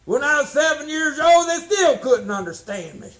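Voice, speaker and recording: High-voiced older preacher, emphatic. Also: male voice, big pitch swings, moderate pace, poor audio. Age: 60s. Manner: folksy, emphatic, swings from shouting to low tones. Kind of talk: sermon.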